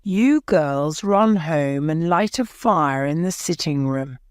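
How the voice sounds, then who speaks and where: A woman voicing a gentle, kind mother in an audiobook, speaking softly. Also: low-pitched, animated, slow pace, smooth, dry recording, studio quality. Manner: soft and kind.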